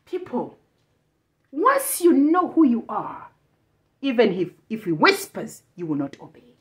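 A woman preacher with a high voice that swoops up and down as she delivers a fervent sermon. She drives her points home with repeated lines and sudden shouted bursts. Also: huge pitch swings, measured pace.

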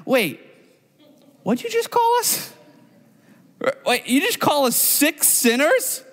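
A man's voice: very high voice, sing-song, slow pace, a bit bright, long reverb tail, pitched above the performer's own voice, exaggerated voice. A man doing squawking, affronted tax collectors. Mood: indignant. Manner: gloating, then indignant. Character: stung, indignant tax collectors at a table.

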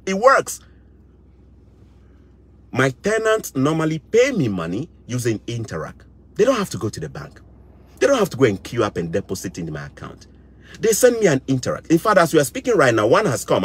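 A husky-voiced middle-aged man with a Ghanaian English accent delivers fired-up commentary. His pitch swings widely as he hammers his points home, repeating phrases and sounding indignant. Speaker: vlogger. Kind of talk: impassioned commentary.

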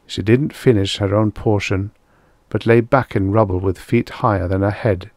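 Low-voiced man reading a story. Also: fairly even intonation, a little mellow, no echo. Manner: measured storytelling. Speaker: audiobook narrator. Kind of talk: audiobook reading of vintage science fiction.

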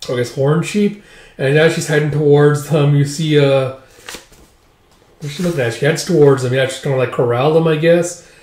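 A man casually retells a comic in a rambling way, leaning on "like" and "uh" as he goes. His voice is a little high for a man, with a mellow, soft tone. The room around him adds a noticeable echo. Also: steady tone, moderate pace. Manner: rambling, filler-heavy with "like" and "uh". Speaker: manga recap reader. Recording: roomy echo.

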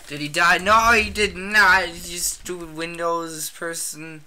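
Excitable trash-talking gamer, piercingly bright tone, unhurried delivery. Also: mid-range voice, slight background noise. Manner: excitable, trash-talking, frequent shouted outbursts. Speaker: gamer playing a shooter. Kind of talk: casual gameplay commentary.

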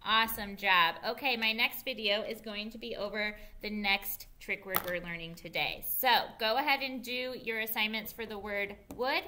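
A woman teacher giving an early reading lesson to young children, spelling words out slowly and praising them. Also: medium pitch, steady tone, bright, forceful tone, slight background noise. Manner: slow, clear spelling aloud and encouraging praise. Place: school.

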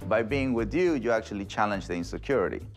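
A man coaches a couple on their fearful dog, calm and instructive. He talks quickly in a low-pitched voice. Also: music in the background. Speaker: dog behaviorist. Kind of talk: coaching advice.

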